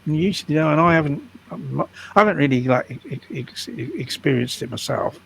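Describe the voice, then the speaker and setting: An older man in casual conversation, halting and stammering through restarts. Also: on the high side, animated, gravelly, a bit bright. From United Kingdom. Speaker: guest activist.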